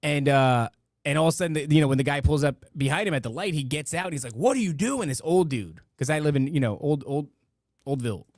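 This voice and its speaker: A man's voice: a little high, fast talker, dry recording, studio quality. A middle-aged man hosting a live-stream podcast, talking casually and rambling through stories with many restarts and asides. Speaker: podcast host reading donations and chat.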